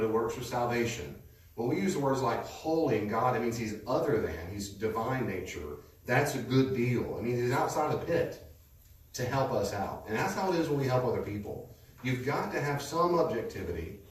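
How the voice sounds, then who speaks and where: A man teaching a class in a conversational way, telling stories with a lively manner to a live audience. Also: medium pitch, moderate pace. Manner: lively storytelling, lecturing. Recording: echoey room, distant mic, faint noise.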